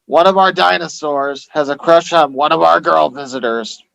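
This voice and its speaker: Gravelly podcast guy telling crude jokes. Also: a little high, normal speed, a bit bright, lo-fi sound. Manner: reads joke tweets, swears freely. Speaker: podcast co-host. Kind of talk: crude comedic podcast banter.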